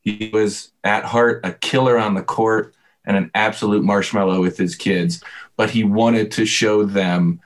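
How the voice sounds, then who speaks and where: A man's voice: on the low side, unhurried. A man in casual sports chat, animatedly retelling a game play by play. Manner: animated storyteller, replays moments play by play.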